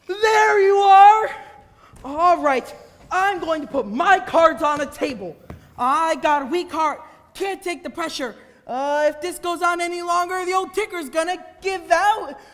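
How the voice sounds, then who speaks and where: A student playing a frantic, brash producer. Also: extremely high pitch. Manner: brash, shouting, fast-talking. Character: frantic middle-aged male show producer. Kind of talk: school stage musical acting. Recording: reverberant hall, distant stage sound.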